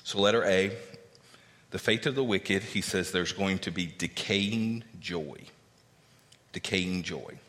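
Low-voiced man preaching in a reverberant hall. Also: slow pace. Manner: animated, acts out quoted speakers with raised pitch; conversational, frequent fillers and tag questions. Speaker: pastor. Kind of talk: sermon with Bible teaching. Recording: long reverb of a church hall.

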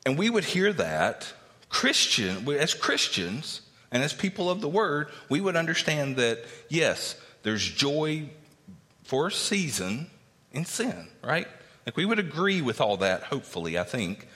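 A man, a pastor, giving a conversational sermon and Bible teaching, animated as he acts out the people he quotes, with many fillers and tag questions. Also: unhurried. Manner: animated, acts out quoted speakers with raised pitch. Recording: long reverb of a church hall.

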